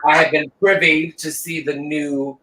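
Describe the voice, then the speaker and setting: Man, co-host, animated storyteller, bright sharp tone, roomy echo. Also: fairly high pitch, unhurried. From Los Angeles. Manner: animated, profane, does voices in anecdotes. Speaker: podcast co-host. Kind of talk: casual chat storytelling.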